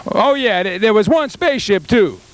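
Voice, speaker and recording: In a comedy sketch, a man plays a boastful, folksy, middle-aged rural farmer who rambles and stumbles over his words. His voice is high-pitched and expressive at a moderate pace.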